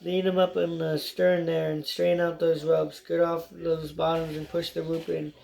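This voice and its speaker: A reader voicing a bellowing male shrew boat chief who yells orders at his crew in a storybook reading. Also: medium pitch, level tone, moderate pace, gravelly. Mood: bossy shouting. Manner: yelling orders.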